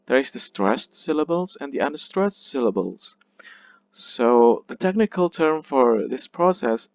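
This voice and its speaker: Male lecturer, slow and methodical, repeats words; dry, slightly muffled recording. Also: mid-range voice, no room sound. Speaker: literature lecturer. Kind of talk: classroom lecture.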